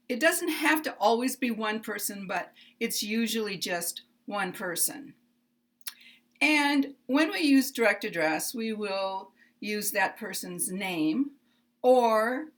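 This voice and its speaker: An American woman gives a pronunciation lesson at a very slow, unhurried pace. She enunciates each word clearly and leaves careful pauses between phrases, with a voice of middling pitch. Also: fairly bright tone. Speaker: pronunciation teacher.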